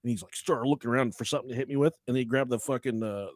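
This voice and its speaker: A man in his thirties, co-hosting a podcast, telling stories in a lively, profane way. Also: mid-range voice, rapid-fire, no echo, studio quality. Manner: animated, profane, acts out voices in stories. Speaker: podcast co-host. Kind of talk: casual storytelling chat.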